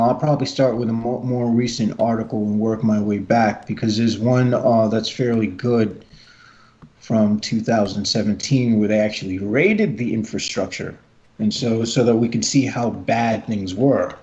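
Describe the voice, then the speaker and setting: A man chatting as a guest on a livestream, halting and searching for words. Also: lowish voice, fairly even intonation, warm tone. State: tired, up since morning. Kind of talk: casual livestream chat. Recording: dull lo-fi call audio.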